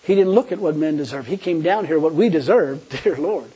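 Husky high-voiced preacher. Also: male voice, fairly quick, mellow, dull audio. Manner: colloquial, laughs at own jokes, acts out quoted pleas. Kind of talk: folksy sermon.

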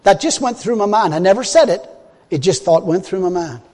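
A man preaching and telling a personal testimony in a folksy storytelling manner, swinging from loud emphasis to quiet groans. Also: sits high, animated, a little fast. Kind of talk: sermon testimony. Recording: long hall reverb.

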